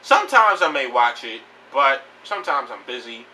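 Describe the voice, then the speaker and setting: A man's voice: medium pitch, big pitch swings, normal speed, sharp tone, recorded from a distance, slight background noise, low-quality recording. A man giving a blunt, profane, rambling rant about pro wrestling news in a casual home video. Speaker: wrestling vlogger.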